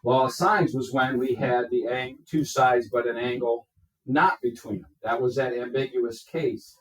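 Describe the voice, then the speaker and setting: A man's voice: medium pitch, fairly even intonation, a bit bright. A man teaching a math class, explaining step by step and checking in with his students. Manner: slow, step-by-step, checks in with "okay?". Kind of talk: classroom lecture. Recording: echoey classroom from far off.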